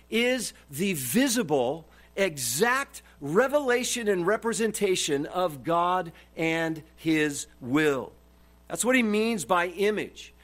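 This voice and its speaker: A man preaching a sermon, emphatic and repeating his key phrases for stress. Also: high-pitched. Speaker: pastor.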